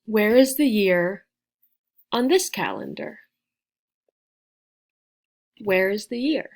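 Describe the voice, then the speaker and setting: A woman teaching a beginner English lesson, spelling out and repeating words slowly with careful, clear pronunciation. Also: mid-range voice, sing-song.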